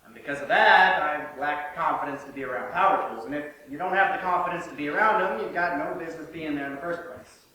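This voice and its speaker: A man speaking in a calm, reassuring way in a staged conversation. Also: on the high side, fast talker, hardly any pauses. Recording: echoey room, mic at a distance, faint hiss.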